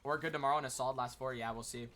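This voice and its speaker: A man's voice: medium pitch, fairly even intonation, rapid-fire, a bit bright, a little hiss or hum. A man streaming casually and talking to his chat, rambling with lots of "like" fillers. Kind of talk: casual livestream chat commentary.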